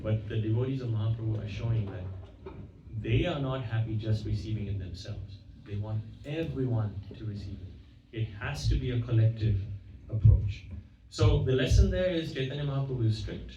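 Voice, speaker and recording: A man with a mellow, relaxed tone gives a storytelling sermon. He acts out the characters' dialogue in a casual, self-correcting way. He is recorded from a distance in a roomy hall, and the sound is dull and slightly muffled. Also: medium pitch, a little hiss or hum. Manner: retells stories, acting out quoted dialogue; conversational, with frequent self-corrections. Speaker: guest speaker at a temple. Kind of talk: devotional lecture with storytelling. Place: temple hall.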